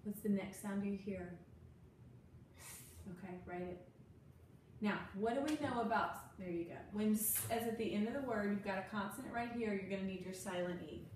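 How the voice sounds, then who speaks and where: A woman's voice: mid-range voice, moderate pace, darkish tone, a little hiss or hum. A woman tutoring a student one-on-one in spelling and phonics, giving patient step-by-step prompts. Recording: echoey room from a distant mic with faint ambience.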